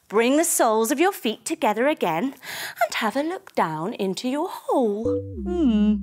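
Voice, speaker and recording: A woman leading a children's yoga story, telling it in an animated way with playful sound effects. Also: a little high. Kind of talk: guided kids' yoga story.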